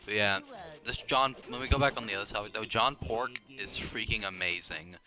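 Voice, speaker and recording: A man's voice: fairly low pitch, sharp tone, soft background music. Rambling young man playing pinball. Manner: rambling, self-deprecating, quick restarts and tangents. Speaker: gaming video creator. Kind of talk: casual gameplay commentary.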